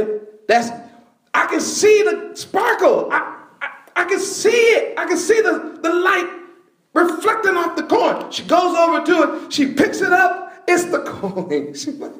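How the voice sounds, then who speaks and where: Brief: male preacher, animated storyteller, high voice, slow unhurried delivery. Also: reverberant. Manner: animated storytelling, bursts of shouting and laughter. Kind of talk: sermon.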